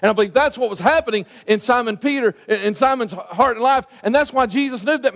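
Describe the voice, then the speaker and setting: High-voiced preacher, echoing hall. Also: male voice, fast, hardly any pauses. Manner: animated, conversational preaching with many restarts and fillers. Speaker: pastor. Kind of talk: sermon. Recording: long reverb of a church hall.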